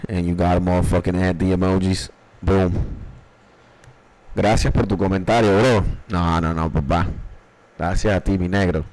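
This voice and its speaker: A young man livestreaming from his dark bedroom, chatting casually and profanely in a rambling, jokey way as he reviews listeners' beats. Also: low-pitched, poor audio. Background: faint music.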